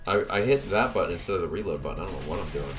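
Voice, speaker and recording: A young man hosting a let's play, joking casually with a co-host and breaking into sudden yells at the game. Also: deep voice, expressive, very fast. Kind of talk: casual gameplay commentary.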